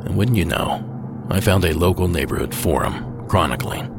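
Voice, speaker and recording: A man's voice: low-pitched, normal speed. A man hosting a podcast, narrating from a script with a dry, wry delivery. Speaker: podcast host. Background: music.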